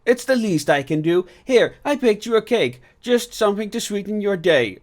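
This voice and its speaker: A man voicing a cheerful, kind and pushy middle-aged housekeeper in a shrill but friendly voice. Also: expressive, moderate pace. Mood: warm fussing. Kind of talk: audiobook character voice.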